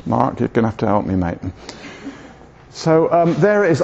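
An older man in his seventies preaching informally at a church meeting, his voice a touch higher than most men's. He rambles and hesitates, often poking fun at himself. The recording is dull and lo-fi. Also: big pitch swings, moderate pace, a little mellow. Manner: rambling, hesitant, self-deprecating humour. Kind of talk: informal sermon talk.

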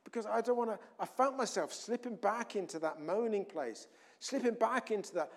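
A man preaching a sermon in a conversational way, often restarting, swinging between loud emphasis and quiet asides. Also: high voice, normal speed, few pauses.

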